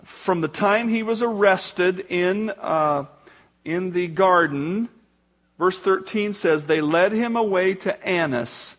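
Male preacher, high voice, dramatic scripture reading in a sermon. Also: takes it slowly. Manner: reads scripture dramatically, rising for quoted shouts. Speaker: pastor.

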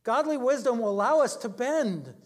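A man's voice: very high-pitched, expressive, normal speed. A middle-aged male pastor preaching a sermon in a conversational, storytelling way, often chuckling at his own anecdotes.

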